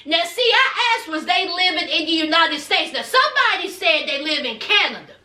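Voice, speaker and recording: A woman's voice: very high-pitched, very animated, moderate pace, bright, forceful tone. A woman giving a casual gossip recap of a reality show, sassy and drawling, with many asides to her viewers. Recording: echoey room.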